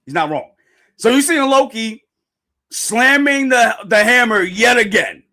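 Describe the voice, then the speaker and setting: A man hosting a live reaction stream, excitable and slangy, often repeating his phrases. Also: a little slow. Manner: reads dialogue aloud in a dramatic low voice.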